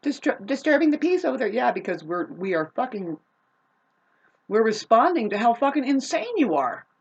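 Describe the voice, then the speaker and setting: A woman ranting to camera in a profane, rambling, confrontational way, swinging between loud outbursts and low muttering. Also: big pitch swings, normal speed, gravelly, lo-fi sound, a little hiss or hum. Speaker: vlogger. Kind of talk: unscripted rant to camera.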